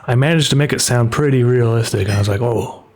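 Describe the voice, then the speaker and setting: A man casually talking through his drawing on a livestream, rambling and relaxed, with lots of "like" fillers. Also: medium pitch, quick pace. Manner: rambling, relaxed, heavy use of "like". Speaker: artist streaming his work. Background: faint background music.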